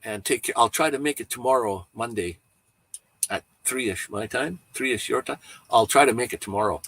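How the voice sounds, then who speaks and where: A man's voice: medium pitch, moderate pace, fairly bright tone, slightly rough. A man hosting a casual livestream, rambling easygoing chat while showing photos, chuckling now and then. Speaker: livestream host.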